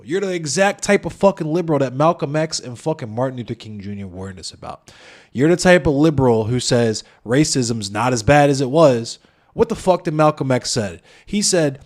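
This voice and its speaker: A man's voice: a little high, expressive, fairly quick, darkish tone. A young man streaming, ranting in a heated, passionate and profane way. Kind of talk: heated casual stream talk.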